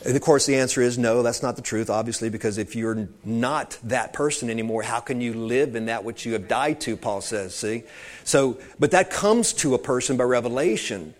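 A man's voice: mid-range voice, normal speed. A man preaching an informal sermon, talking conversationally and wandering into asides, calling his listeners saints.

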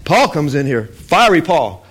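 A man's voice: on the high side, very animated, a little slow, slightly rough. A man preaching a sermon in a loose, conversational way, acting out the voices of Bible figures as he tells the stories. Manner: loose and conversational, with restarts and fillers.

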